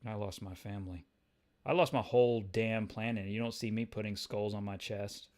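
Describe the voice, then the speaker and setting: A man voicing a grim, gruff middle-aged vigilante in a low, flat, menacing tone. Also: normal speed, lightly acted.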